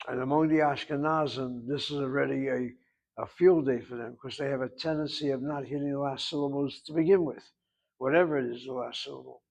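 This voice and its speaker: A man's voice: mid-range voice, fairly even intonation, brisk, vocal fry, a little mellow, poor audio. A man teaching a language class, patiently explaining at length and asking rhetorical questions. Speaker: Hebrew instructor.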